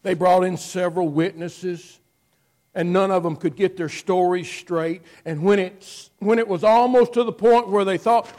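A man preaching a sermon, telling the story dramatically and moving between hushed passages and loud ones. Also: sits high, a little slow.

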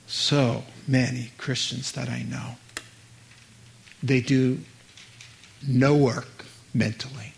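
Earnest, slow-speaking male preacher. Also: mid-range voice, level tone, vocal fry. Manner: earnest, emphatic, acts out Bible scenes. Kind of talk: sermon.

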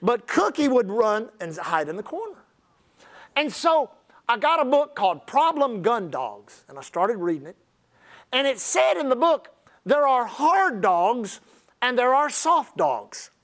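A man's voice: extremely high pitch, a little slow. A man preaching a sermon, telling folksy, humorous stories. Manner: folksy, humorous, animated storyteller. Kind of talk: sermon with storytelling.

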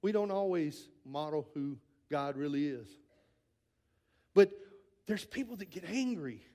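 Man, high-pitched voice, earnest sermon, shifts between loud and hushed, repeats words for emphasis. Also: animated, measured pace. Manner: earnest preaching, swinging between raised and hushed delivery. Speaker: pastor.

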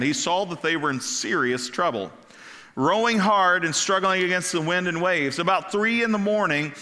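A man preaching a sermon as pastor, animated and asking the congregation questions. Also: fairly high pitch. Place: church sanctuary. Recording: long hall reverb.

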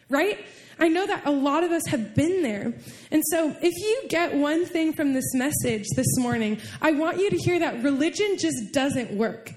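Young woman preaching, high voice, chatty and animated, lots of likes and ums. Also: measured pace. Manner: animated, chatty, with fillers and laughs. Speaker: pastor. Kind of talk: sermon.

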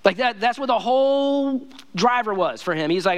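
A man's voice: high-pitched, brisk, few pauses. A male pastor giving a casual, conversational sermon, emphatic and repetitive, often saying "man" and "listen to me.".

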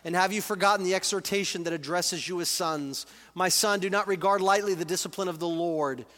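Bright-voiced pastor preaching in a hall. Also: male voice, high voice. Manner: earnest, conversational preaching with scripture readings. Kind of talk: sermon. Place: church sanctuary. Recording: reverberant church hall.

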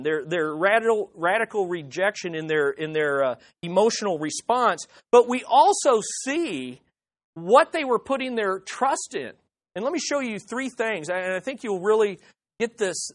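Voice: mid-range voice, a bit bright. An emphatic preacher working through a verse-by-verse sermon, with a mid-range voice. The delivery hammers home each point by repetition and frequently restarts phrases mid-thought. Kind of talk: expository sermon.

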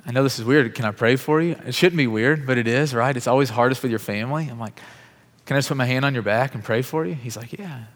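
A man's voice: medium pitch, quick pace. A man telling a testimony in a sermon, casual and conversational, acting out the people in his story. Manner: lively storyteller who acts out quoted dialogue; conversational, casual fillers like "like" and "bro". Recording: long reverb of a large hall.

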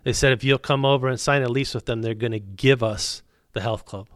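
A man's voice: mid-range voice, fairly even intonation, brisk, fairly bright tone, dry recording, clean studio sound. A middle-aged man, a business owner telling his faith story as a guest, acting out both sides of the dialogue. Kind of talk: storytelling testimony.

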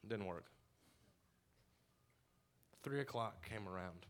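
A young man telling his personal story to a church congregation, animated and laughing often as he acts out his own past words. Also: lowish voice, slow pace. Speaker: church member giving testimony.

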